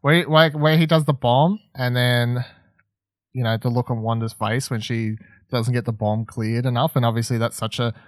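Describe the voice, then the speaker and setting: A man's voice: mid-range voice, steady tone, normal speed, no room sound, clean studio sound. A man co-hosting a casual film podcast, rambling and swearing freely as he acts out lines. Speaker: podcast co-host.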